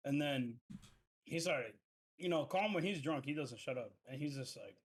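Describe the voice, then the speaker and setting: A man co-hosting a podcast in casual chat, telling animated stories full of swearing and loudly acted-out quotes. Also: on the high side, moderate pace. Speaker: podcast co-host.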